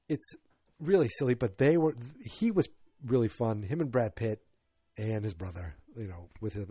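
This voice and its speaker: A man's voice: mid-range voice, mellow, dry recording. A man hosting a solo movie podcast, talking casually and rambling with many restarts and asides. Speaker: podcast host.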